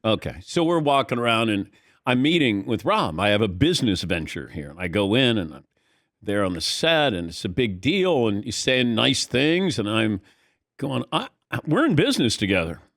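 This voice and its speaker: A man's voice: mid-range voice, sing-song, moderate pace, a bit bright, no echo, clean studio sound. A male talk show host asking joking questions in a casual radio interview.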